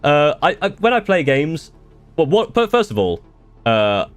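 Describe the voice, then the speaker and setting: A slightly high, very animated male voice comes from a young British man talking a little slowly on a live stream. He answers viewer questions casually and ramblingly, with restarts and occasional swearing. Soft music plays, and there's no room sound.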